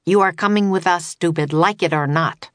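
A woman reading an audiobook voices a rough, bullying boy who sneers. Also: fairly low pitch, moderate pace, fairly bright tone, no echo, natural voice.

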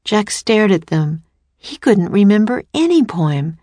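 A woman narrating a storybook aloud in a steady, clear way. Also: medium pitch, measured pace, no echo.

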